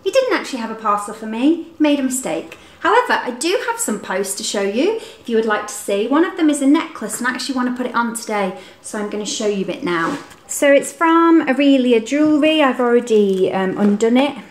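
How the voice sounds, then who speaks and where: A woman's voice: a little high, very animated, fairly quick. A young woman chatting casually to camera in an upbeat vlog about her home and Christmas tree, with lots of ums. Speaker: lifestyle vlogger. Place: home living room. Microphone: camera mic. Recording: roomy home room.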